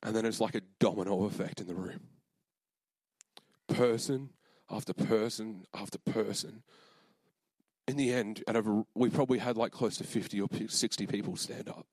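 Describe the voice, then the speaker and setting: A man's voice: on the low side, fairly even intonation, normal speed, a little mellow, slightly rough, no echo. A young man preaching a sermon, telling a personal story in a casual, earnest way with many fillers and moments of emotion.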